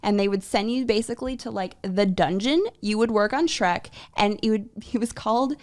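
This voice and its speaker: A woman's voice: mid-range voice, normal speed. A woman co-hosting a podcast, sharing movie trivia in a chatty, storytelling way. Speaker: podcast co-host. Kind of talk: casual podcast chat.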